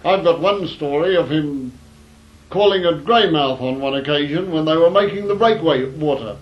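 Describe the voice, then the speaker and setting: A man's voice: on the high side, moderate pace. Wry New man spinning yarns. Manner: wry, rambling, with fillers and restarts. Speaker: storyteller. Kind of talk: anecdotal storytelling. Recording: dull lo-fi recording.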